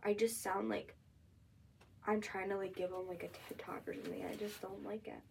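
A woman's voice: medium pitch, steady tone, moderate pace, vocal fry. A young woman co-hosting a podcast in casual chat, blunt and swearing freely with lots of fillers. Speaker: podcast co-host. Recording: distant mic, faint background noise.

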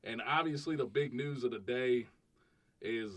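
A man's voice: medium pitch, a little slow, a bit bright. Casual male podcast host. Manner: profane, rambling, self-deprecating.

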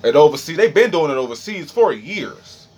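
Young man with a D.C. accent, high-pitched, rambling profane freestyle monologue. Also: sing-song, moderate pace, darkish tone, husky. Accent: Washington, D.C. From Washington, D.C. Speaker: streamer.

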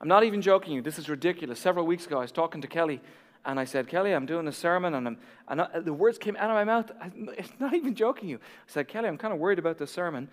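A man preaching a sermon, emphatic and repetitive, swinging from hushed to loud. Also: fairly high pitch, expressive, quick pace. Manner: emphatic, repeats key lines, drops to near whisper then builds. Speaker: pastor. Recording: long reverb of a large hall.

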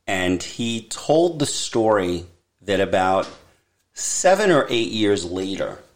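A man's voice: on the low side, sing-song, slow. A middle-aged man co-hosting a podcast, telling a story in casual chat and slipping into quoted voices. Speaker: podcast co-host.

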